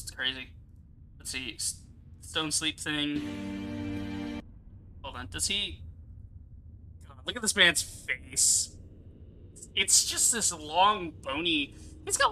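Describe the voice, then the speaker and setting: Excitable young American gamer, bright piercing tone, rambling casual commentary. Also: male voice, on the high side, a little hiss or hum, rough recording. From United States. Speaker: let's play YouTuber.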